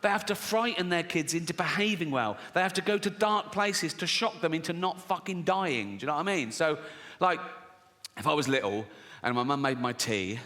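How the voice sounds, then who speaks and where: A man's voice: on the high side, sharp tone. A man doing a stand-up routine, blunt and crude, mocking as he tells stories. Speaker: stand-up comedian. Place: live comedy stage. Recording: noisy live venue.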